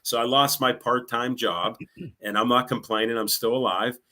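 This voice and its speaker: A man's voice: medium pitch, fairly even intonation, moderate pace, sharp tone. Chatty sarcastic man. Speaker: guest, local show host. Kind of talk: casual chat.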